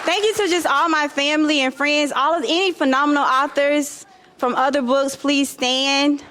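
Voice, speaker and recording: Woman, publisher, thank-you speech, slightly high pitch, tearful, effusive, live event. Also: fairly even intonation, normal speed, a faint crowd. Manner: warm, tearful, effusive gratitude. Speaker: publisher and host. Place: event hall with live audience.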